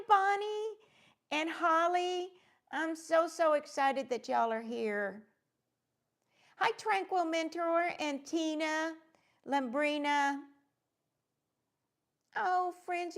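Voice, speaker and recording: Her high voice has a gravelly, creaky edge as she chats through a crafting livestream. She gushes warmly, rambles with plenty of fillers, and greets viewers by name one at a time.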